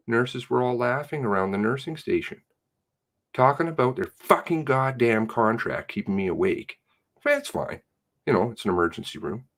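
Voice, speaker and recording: A man's voice: on the low side, fairly bright tone. A man giving rambling, profane commentary while reading through material, muttering to himself and then flaring up. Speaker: independent online investigator.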